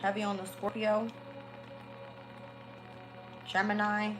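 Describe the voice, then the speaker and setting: A woman's voice: medium pitch, level tone, slow pace, fairly bright tone, soft background music, poor audio. A woman giving a casual live-stream tarot reading, talking bluntly and swearing freely. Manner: blunt, profane, candid. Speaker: tarot reader.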